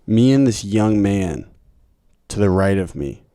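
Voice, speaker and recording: A man with a very low, mellow voice hosts a podcast. He chats in a relaxed, slangy way. The sound is dry and close. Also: unhurried, no echo. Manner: laid-back, chatty, slang-heavy. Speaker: podcast host. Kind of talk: casual interview chat.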